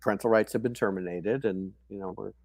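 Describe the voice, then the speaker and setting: Older man telling a story, halting. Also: fairly low pitch, fairly even intonation, darkish tone, dry recording. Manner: halting, peppered with "you know" and "um". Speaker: guest, foster and adoptive father. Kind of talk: casual conversational storytelling. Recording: dry close sound.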